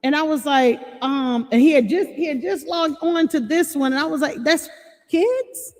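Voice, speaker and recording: A woman chatting on a livestream, warning parents and reading out chat comments in an animated way. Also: high-pitched, moderate pace. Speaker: livestream host. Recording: long reverb with faint music.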